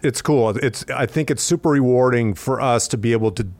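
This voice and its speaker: A man's voice: medium pitch, a little fast, darkish tone, no echo. A man hosting an interview podcast, speaking in a casual, encouraging way with lots of fillers. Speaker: podcast host and company executive. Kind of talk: conversational interview.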